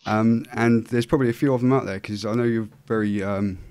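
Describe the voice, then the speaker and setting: Fast-talking male interview host. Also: lowish voice, fairly even intonation, a little mellow, clean tone. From England. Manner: upbeat, friendly. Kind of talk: casual interview chat.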